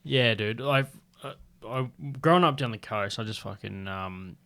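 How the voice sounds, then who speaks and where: A low-pitched Australian man chats casually on a comedy podcast. He drifts from one story to the next, loose and rambling, with swearing throughout. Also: moderate pace, creaky, fairly bright tone. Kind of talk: casual chat.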